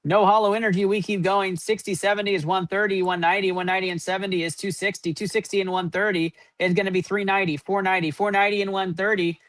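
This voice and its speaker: A man's voice: high voice, level tone, quick pace, hardly any pauses, a bit bright, no room sound. A man hosting a live card-opening stream, rattling off running point totals and hyping up each pull. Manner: running tally of numbers, upbeat hype. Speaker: host.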